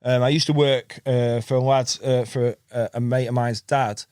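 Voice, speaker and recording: A carp angler appearing as a podcast guest rambles through fishing stories, laughing, repeating words, and calling people "mate" a lot. His mid-range voice is darkish, clear, and resonant, with fairly even intonation at normal speed. The sound is clean studio audio with no room sound.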